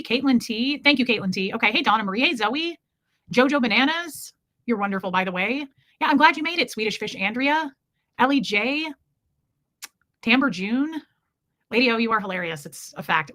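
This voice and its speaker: A woman with a bright, fairly high voice chats casually on a livestream, greeting viewers one after another by name. Her talk rambles with friendly asides and loose trailing thoughts.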